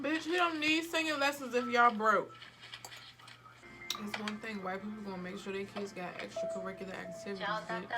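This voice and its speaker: Sassy, profane woman reacting over loud music. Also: medium pitch, rough recording. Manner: blunt, profane, sassy running commentary. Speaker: film reaction vlogger. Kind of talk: casual reaction commentary.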